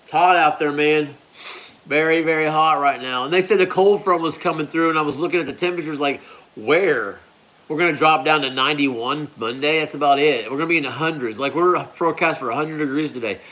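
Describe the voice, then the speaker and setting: A man's voice: a little high, quick pace, fairly bright tone. A man hosting a live stream, talking in a loose, rambling way and calling viewers "man" and "bro". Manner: laid-back, rambling, peppers talk with "man" and "bro". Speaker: hot pepper grower hosting a live stream. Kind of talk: casual live-stream chat.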